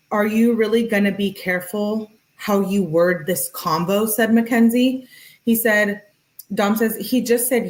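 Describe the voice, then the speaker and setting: A woman's voice: medium pitch, poor audio. A young woman hosting a commentary stream, reading text messages aloud with playful asides and casual chatter. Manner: chatty and playful, laughs often, reads messages with lively emphasis. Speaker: true crime commentary host.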